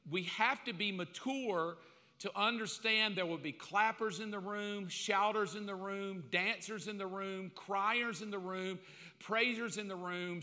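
A man preaching a sermon with comic asides, bursting into loud acted-out calls now and then. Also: high voice. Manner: comic, animated, acts out quotes in loud bursts. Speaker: pastor. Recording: long hall reverb.

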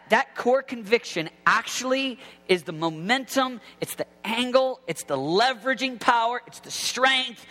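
A man in his thirties preaching an impassioned sermon to teenagers as a youth pastor, often shouting. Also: high voice. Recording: long hall reverb.

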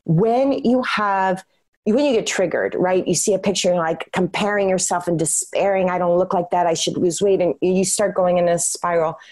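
A woman's voice: mid-range voice, a little mellow. A woman who is a podcast guest, speaking earnestly in a casual conversation and often repeating words for emphasis.

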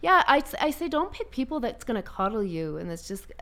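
A woman in a casual conversation as a guest, telling stories in an animated way and laughing often. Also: a little high, fairly quick.

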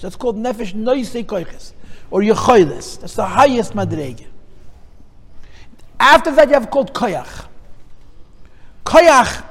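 A man's voice: high voice, in a large hall. A male teacher giving a lesson on Chassidic texts. He explains step by step, repeats phrases and mixes in Hebrew and Yiddish terms.

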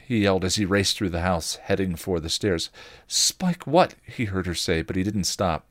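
A man, a podcast host, reading a fan fiction chapter aloud at a steady pace, often stumbling and correcting himself. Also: deep voice, no room sound, clean studio sound. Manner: steady reading with frequent slips and self-corrections.

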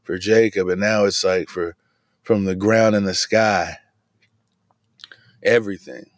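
A relaxed man with a fairly low voice talks through a Bible story for his podcast. He records from inside his van, and the sound is close and dry with no room echo. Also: unhurried. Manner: relaxed and chatty, says "man" often. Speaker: podcast host. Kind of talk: casual devotional bible talk. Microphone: video camera in a van.

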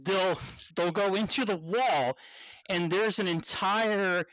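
A man hosting a casual podcast, enthusiastic and laughing easily, with some casual swearing. His voice sits a little high. The recording is dry and close. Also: slow pace, fairly bright tone, no room sound, low-quality recording. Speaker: podcast host. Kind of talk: casual chat.

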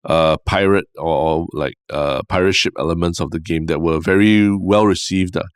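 A man's voice: low voice, moderate pace, clean tone, no echo, clean studio sound. A man with a Singaporean English accent, co-hosting a podcast in casual chat and rambling through many fillers and restarts. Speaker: podcast co-host.

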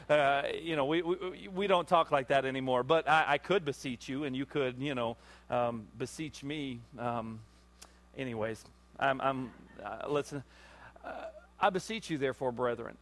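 A male pastor delivering a Sunday sermon, moving from relaxed, conversational asides with fillers to fervent preaching that calls on the congregation to answer. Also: a little high, moderate pace. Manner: preaching with rising intensity, calls for audience response.

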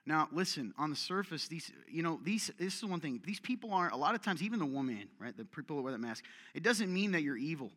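Male pastor, slightly high voice, chatty sermon delivery, long reverb of a church hall. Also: lively intonation, fast talker, few pauses, sharp tone. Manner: conversational, acts out quoted voices, jokes with the audience.

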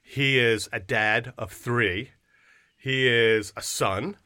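A man's voice: medium pitch, takes it slowly, clean tone. Hyped-up, slangy male podcast co-host. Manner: animated, hype-filled banter with slang. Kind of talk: casual podcast chat.

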